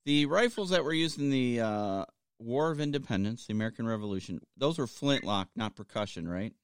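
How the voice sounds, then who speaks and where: A man co-hosting a podcast in casual chat, joking and halting with lots of fillers. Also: mid-range voice, animated, smooth, no echo, clean studio sound. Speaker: podcast co-host.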